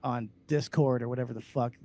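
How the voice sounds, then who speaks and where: A man co-hosting a comedy podcast, ranting loudly and sarcastically with heavy profanity. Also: mid-range voice, fairly even intonation, brisk. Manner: loud, abrasive, sarcastic. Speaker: podcast co-host.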